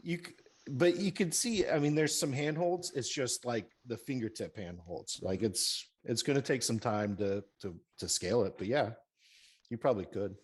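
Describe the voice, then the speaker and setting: A man's voice: medium pitch, animated, moderate pace, husky. A man narrating as game master of a tabletop game, rambling with many fillers.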